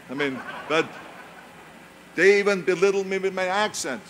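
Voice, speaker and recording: Speaking with an Austrian German accent, this older native German speaker delivers a motivational speech with emphatic storytelling and impressions of others' voices. His voice is high-pitched, fairly quick, and fairly bright, with a little hiss or hum in the recording.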